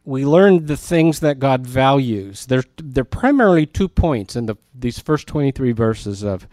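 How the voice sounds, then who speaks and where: A man's voice: mid-range voice, expressive, moderate pace, darkish tone, no echo. Plain-voiced man teaching the Bible, dry sound. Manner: conversational, emphatic, with frequent asides to the class.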